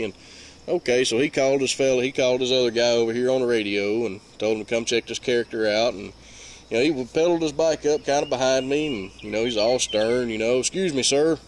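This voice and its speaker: A man's voice: medium pitch, steady tone, brisk. A man with a Mississippi Southern accent telling a long story in a rambling, folksy way with lots of fillers. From Mississippi, USA. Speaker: vlogger. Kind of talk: casual storytelling.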